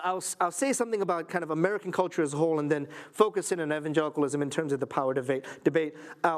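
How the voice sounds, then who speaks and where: Guy with a pretty high voice giving an earnest church lecture, emphatic, dry little asides. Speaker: lecturer at a Christian school. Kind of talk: public lecture to a church audience.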